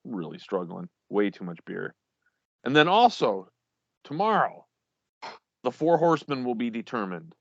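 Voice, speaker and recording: A man's voice: medium pitch, sing-song, measured pace, creaky, long pauses, a bit bright, no echo, dull audio. A man co-hosting a casual podcast, reading out league champions while stumbling over names and laughing at himself.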